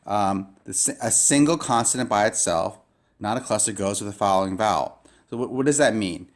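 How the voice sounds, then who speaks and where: A man with a fairly low voice gives a recorded lesson. He explains patiently and goes step by step, often pausing on fillers and restarting his sentences. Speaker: Greek language teacher. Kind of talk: recorded classroom lecture.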